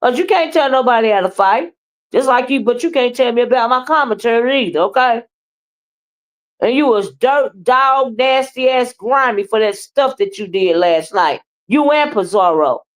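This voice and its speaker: A woman's voice: on the high side, normal speed. Blunt, profane woman commentator. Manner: blunt, profane, animated, trash-talking. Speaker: livestream commentator. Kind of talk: live commentary and chat with viewers.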